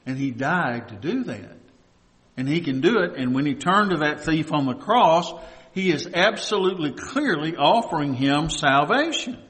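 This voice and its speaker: A high, bright-toned man preaching a sermon from the pulpit. His voice rings with a long hall reverb, and he earnestly draws the congregation into call-and-response. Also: sing-song, moderate pace. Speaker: pastor.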